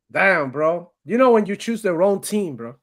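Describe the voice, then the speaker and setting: Man, live stream host, lively swinging pitch, casual commentary, swears, says bro. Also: takes it slowly. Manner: animated, laughing often, swearing, calls listeners bro.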